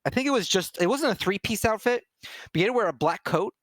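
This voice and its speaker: A man's voice: high voice, animated, fast, fairly bright tone, dry recording. A man streaming, telling a funny story in casual chat, laughing and restarting often.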